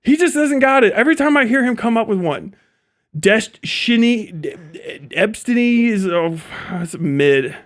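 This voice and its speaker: A young man from Ohio, USA, rants on a livestream in a high-pitched voice with lively intonation and a slightly slow delivery. He swears constantly and laughs at his own jokes throughout the profane rant.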